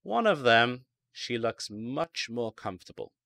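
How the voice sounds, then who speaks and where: Slow, animated British man teaching English. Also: medium pitch, vocal fry, no room sound. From Britain. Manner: slow, carefully enunciated, repeats words for drilling. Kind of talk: online ESL lecture.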